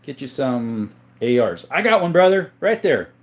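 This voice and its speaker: A man in his thirties from the US, chatting casually on a livestream, reading viewer comments and answering in a folksy, relaxed way. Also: mid-range voice, moderate pace. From USA. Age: 30s. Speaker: gun collector livestreaming.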